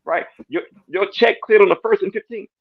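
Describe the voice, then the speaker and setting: High gravelly man sharing testimony. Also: moderate pace. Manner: animated, repetitive, acts out conversations with God. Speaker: church member sharing testimony. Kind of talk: casual church panel discussion. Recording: dull lo-fi dry sound.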